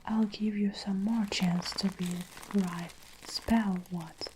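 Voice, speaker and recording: A woman's voice: medium pitch, steady tone, slow pace, darkish tone, a little hiss or hum, lightly acted, poor audio. Woman whispering a scornful tyrant headmistress. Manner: barking, scornful. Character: domineering harsh headmistress, woman, middle-aged. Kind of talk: whispered role-play.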